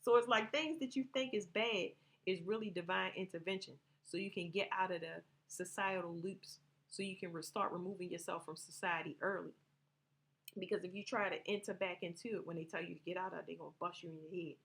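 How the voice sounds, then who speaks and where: A woman's voice: fairly low pitch, fairly even intonation, a little fast, gravelly, a bit bright. A woman vlogger telling personal stories to her viewers in a loose, rambling way, swearing freely and laughing as she talks. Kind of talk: casual storytelling to viewers.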